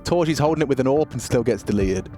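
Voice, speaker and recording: A man with a London accent giving excitable play-by-play commentary on a competitive shooter match. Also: fast talker, faint music behind. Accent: London English. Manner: excitable, jumps in pitch on big plays. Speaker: esports caster. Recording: game gunfire audible behind. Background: game sound effects, gunfire.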